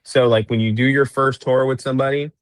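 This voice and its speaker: A man's voice: medium pitch, fairly even intonation, brisk, no echo. A man coaching real estate agents on a group call, teaching step by step and acting out sample lines to clients.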